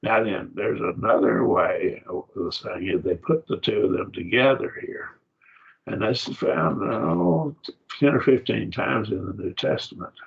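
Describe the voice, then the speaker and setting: Raspy low-voiced guy teaching a bible class, kinda halting, lots of uh's, muffled sound. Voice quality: gravelly and husky. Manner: halting, repeats words, uses fillers and "see?". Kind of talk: informal classroom lecture. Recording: dull lo-fi classroom recording.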